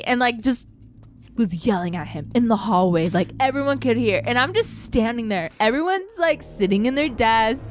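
A young adult woman co-hosting a casual chat, telling a story in an animated way and swearing casually. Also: on the high side, normal speed. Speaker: co-host. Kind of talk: casual chat while watching a show.

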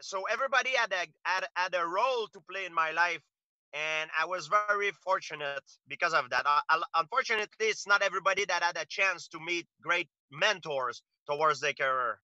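A man's voice: high voice, brisk, bright, forceful tone, dry recording, highs cut off. Earnest man. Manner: earnest storytelling with frequent restarts. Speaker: interview guest, fighter. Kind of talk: casual interview talk.

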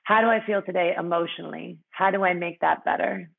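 A woman's voice: fairly low pitch, fairly quick, gravelly, phone-quality sound. A woman guest in a conversational interview, speaking frankly with many fillers and frequent laughter.

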